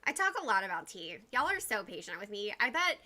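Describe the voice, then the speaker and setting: A woman's voice: medium pitch, sing-song, fast, sharp tone. A woman hosting a casual livestream, rambling chattily and greeting viewers by name. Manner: uses y'all and like often. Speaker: livestream host.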